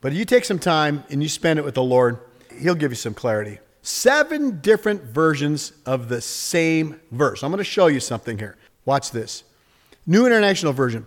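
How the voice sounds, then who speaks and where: Animated man preaching in a big hall. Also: normal speed. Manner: animated, acts out little scenes with sudden jumps in pitch and volume. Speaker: pastor. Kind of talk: sermon.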